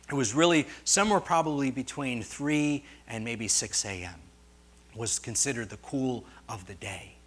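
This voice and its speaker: A middle-aged male pastor preaching to his congregation in a storytelling way. He wanders off on tangents and trades light jokes with the room. His voice climbs high and loud at emotional peaks, then drops to soft, low asides. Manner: storytelling, digressive, swings from quiet to loud. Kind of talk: sermon.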